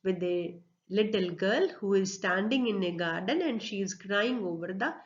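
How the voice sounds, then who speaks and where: A woman's voice: medium pitch, animated, normal speed, dull audio. A woman with an Indian accent, an English lecturer giving a classroom lecture, explaining step by step with frequent fillers and mixing English with Hindi.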